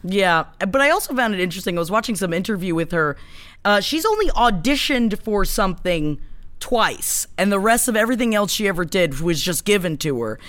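Woman, podcast co-host, casual chat, lively swinging pitch, bright tone, chatty, filler-heavy. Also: brisk. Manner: animated, filler-heavy, laughs often.

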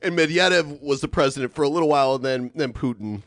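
A man's voice: medium pitch, quick pace, dry recording. A man chatting casually as a podcast guest, explaining things offhandedly. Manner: casual, explanatory with filler likes. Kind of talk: casual commentary chat.

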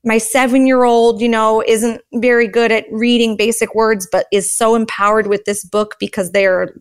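A woman telling lively stories as a guest in a conversation, animated and chatty, often exclaiming. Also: on the high side, moderate pace, clear, resonant tone. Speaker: guest, mother and author of a sign-language book. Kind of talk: conversational storytelling.

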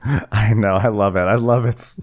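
A man co-hosting a podcast, recapping a reality show in casual, animated chat. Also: fairly low pitch, moderate pace. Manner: animated, acts out quotes in other voices. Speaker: podcast co-host.

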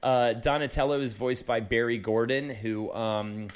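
A man's voice: mid-range voice, steady tone, measured pace, smooth. Laid-back man chatting on a podcast. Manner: chatty, loose, swears, lots of fillers. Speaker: podcast co-host. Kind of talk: casual chat.

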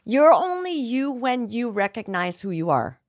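A woman's voice: fairly high pitch, very animated, measured pace, no echo, studio quality. A middle-aged woman singer talking earnestly as a podcast guest, reflective, with frequent restarts and some stretched-out words. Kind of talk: candid conversational interview.

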